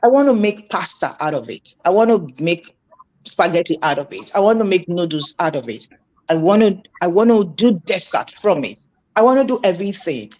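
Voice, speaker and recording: A woman's voice: on the low side, big pitch swings, normal speed, darkish tone, highs cut off. A woman being interviewed as a guest, earnest and thoughtful, often repeating words as she thinks aloud. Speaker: interview guest, food entrepreneur.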